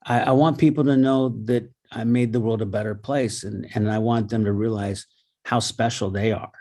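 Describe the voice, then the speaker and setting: Over a video call from a home in the Los Angeles area, a man who is both host and guest speaker tells stories earnestly and casually, often repeating himself and stammering. His voice is lowish and warm, with fairly even intonation and a moderate pace.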